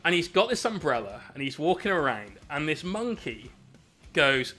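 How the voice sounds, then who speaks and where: A man's voice: fairly high pitch, big pitch swings, moderate pace, sharp tone, soft background music. A British man casually telling a rambling, swear-filled story while painting miniatures on stream.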